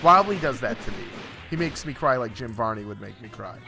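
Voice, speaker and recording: Lively, swearing male gaming streamer. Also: mid-range voice, brisk, vocal fry. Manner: joking, profane, lively. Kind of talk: casual chat while gaming. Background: game music.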